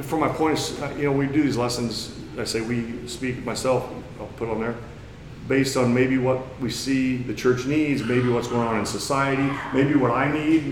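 A man's voice: mid-range voice, echoey room, slight background noise, poor audio. A man from Missouri with a Missouri accent, preaching a lesson in a plain-spoken, folksy way that climbs into emphatic bursts. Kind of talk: sermon lesson.

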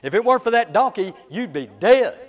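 A man's voice: high-pitched, very animated, brisk, big-room sound, voice pushed up. A man voicing a stern, commanding angel carrying a sword.

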